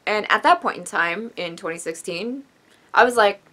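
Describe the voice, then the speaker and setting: A woman's voice: medium pitch, animated, moderate pace, bright, forceful tone. A young woman vlogger telling a personal story in a rambling, emotional way, sighing and apologizing, tearful at times.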